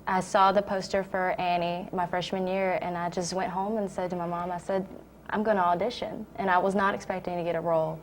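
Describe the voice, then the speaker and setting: A woman's voice: lowish voice, level tone, brisk, a little hiss or hum. A woman, a drama student, talking earnestly about how she got into theater. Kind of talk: casual interview.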